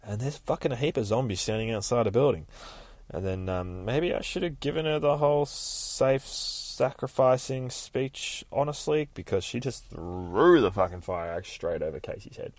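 Excitable swearing man. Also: medium pitch, normal speed, dry recording. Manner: swears constantly, excitable, sound effects. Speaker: podcast host. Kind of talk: excited casual comic retelling.

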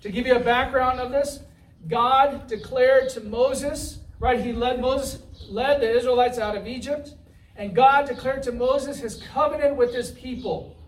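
Male preacher, very high voice, conversational sermon, recorded from a distance. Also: steady tone, measured pace. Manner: conversational, asks the room "right?"; acts out the Israelites' complaints in a whiny voice. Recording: roomy, from far off the mic.

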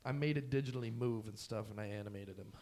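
A man's voice: on the low side, fast, darkish tone, a little hiss or hum. A young man co-hosting a podcast, teasing the others and acting mock-offended in casual chat. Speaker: podcast co-host.

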